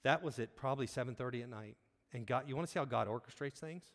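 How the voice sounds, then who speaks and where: Speaking fast in a mid-range, slightly bright voice, a man preaches earnestly and conversationally. He shares a personal story with many restarts, and the sound carries the long echo of a big hall.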